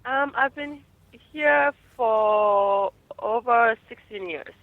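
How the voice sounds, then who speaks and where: A woman's voice: a little high, slow, no room sound. A woman, calling in, friendly and hesitant. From New York. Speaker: caller. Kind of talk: phone chat. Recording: muffled phone line.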